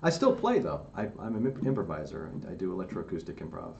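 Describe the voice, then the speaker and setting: A man's voice: sits low, sing-song, quick pace, vocal fry, darkish tone, recorded from a distance, dull audio. A male guest chatting casually, telling a story about his past and quoting himself as he goes. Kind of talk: casual chat. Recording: roomy, off-mic with faint ambience.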